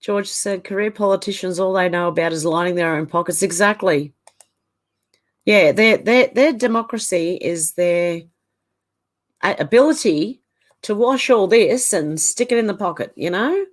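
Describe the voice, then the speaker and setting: A middle-aged Australian woman with a medium-pitched voice hosts a casual livestream chat. She reads viewer comments aloud and gives a quick opinion on each one.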